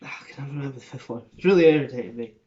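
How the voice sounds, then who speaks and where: A man's voice: medium pitch, racing, dark tone, highs cut off. A man rambling casually through an accent tutorial, swearing and interrupting himself. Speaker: vlogger and acting student.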